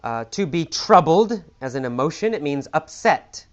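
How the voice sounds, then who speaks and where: A man teaching English vocabulary, explaining words slowly and patiently with many examples and restatements. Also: fairly high pitch, sing-song. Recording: slightly dull lo-fi audio.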